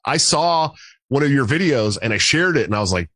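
Host: lively-toned man in his thirties, blunt and profane, dry close mic. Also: medium pitch, brisk, no echo. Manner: animated, swears freely, many restarts. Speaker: podcast host. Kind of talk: casual chat.

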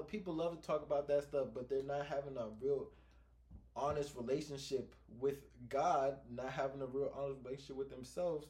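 A young man preaching on a casual faith podcast with lots of feeling. His voice sits in a middle register. He drops low and quiet, then rises into loud, animated outbursts. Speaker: podcast co-host. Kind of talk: passionate faith podcast talk.

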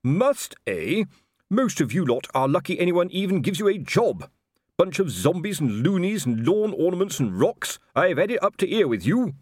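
A man's voice: high-pitched, big pitch swings, moderate pace, no echo, studio quality, voice pushed up. A man doing a bellowing, indignant old watch sergeant. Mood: blustering. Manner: shouting, indignant and red-faced. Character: blustering middle-aged male watch sergeant.

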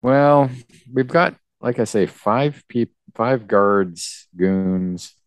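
A man's voice: mid-range voice, drawn-out words, smooth, no echo. A man co-hosting a podcast, recapping a comic in a rambling, hesitant, casual way. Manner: rambling, hesitant, with fillers and restarts. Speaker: podcast co-host.

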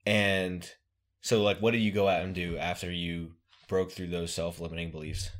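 A man's voice: sits low, flat delivery, normal speed, a bit bright. A man hosting a podcast, casually asking curious follow-up questions. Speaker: podcast host.

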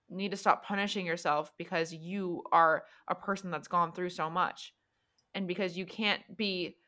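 A woman voicing a weary, regretful monster hunter who speaks in halting, hesitant confessions. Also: fairly low pitch, sharp tone. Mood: earnest.

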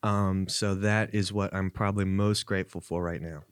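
A young man co-hosting a casual podcast, talking in a halting, sincere way with pauses mid-sentence. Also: sits low, steady tone, smooth, no echo, clean studio sound. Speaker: podcast co-host. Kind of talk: casual chat.

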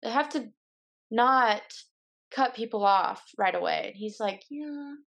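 A woman's voice: on the high side, measured pace, gravelly, fairly bright tone. A young woman in her twenties speaks as a podcast guest, loose and casual. She is candid and blunt, and she slips into playful quoted lines in her own voice. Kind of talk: casual chat.

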